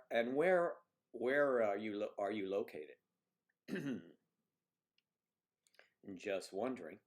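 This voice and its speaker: A man hosting a livestream, chatting casually and rambling as he reads out viewer comments. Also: mid-range voice. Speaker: livestream host.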